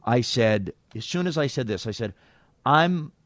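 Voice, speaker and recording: A man telling a long story on a podcast, animated and acting out the people he quotes. His voice is mid-pitched and recorded dry and close, with no room sound. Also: normal speed, no room sound. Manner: animated anecdote teller, acts out quotes. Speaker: radio host and impressionist. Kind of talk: casual storytelling chat.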